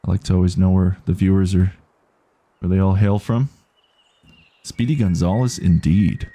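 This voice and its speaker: Man, game streamer, casual chatty commentary, reads viewer messages, deep voice, gravelly fry. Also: steady tone, normal speed, dark tone.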